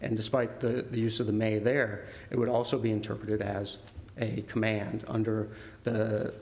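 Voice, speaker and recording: A man's voice: on the low side, level tone, moderate pace, darkish tone. A man arguing for the appellant before a court, formal and deferential, with hesitant fillers. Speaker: attorney for the appellant. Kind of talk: appellate oral argument.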